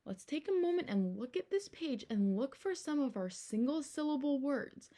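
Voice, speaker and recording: A woman's voice: high-pitched, normal speed, hardly any pauses. A young adult woman teacher reading a picture book aloud to her class, asking the children questions as she goes. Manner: animated storytime delivery with questions to children.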